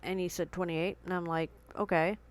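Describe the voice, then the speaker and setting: A woman's voice: on the low side, little pitch movement, moderate pace, poor audio. A young woman vlogging at home, earnestly retelling a tense confrontation, still shaken with her heart pounding. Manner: earnest, emotional retelling with quoted dialogue. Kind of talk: personal storytelling vlog.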